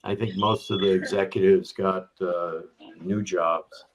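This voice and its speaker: Older guy on a podcast, lowish voice, keeps saying "right?" while he explains stuff. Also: fairly even intonation, a little slow, a little hiss or hum, low-quality recording. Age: middle-aged or older. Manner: explains with examples, tags points with "right?". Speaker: guest, business strategy executive. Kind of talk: conversational explanation on a remote podcast.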